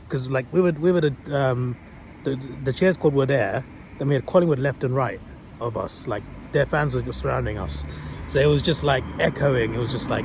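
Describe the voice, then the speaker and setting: Young male vlogger, twenties, casual and chatty, slightly hoarse, handheld phone outdoors with clear traffic noise. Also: mid-range voice, fairly quick. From England. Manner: chatty, laughs often, casual slang. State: losing his voice. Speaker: travel vlogger. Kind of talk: casual vlog chat.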